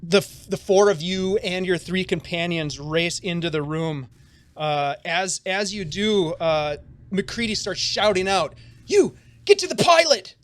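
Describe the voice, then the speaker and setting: A fairly high-voiced man runs a tabletop game on a stream. He narrates the scene and talks to his players in a casual, upbeat way, with plenty of ums and restarts. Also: steady tone, unhurried, a bit bright. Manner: casual, upbeat, filler-heavy. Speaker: game master.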